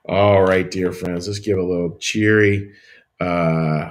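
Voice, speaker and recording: Man, middle-aged, pastor hosting livestream, lowish voice, gentle, meditative, rambling. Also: fairly even intonation, takes it slowly. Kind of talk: livestreamed devotional and chat.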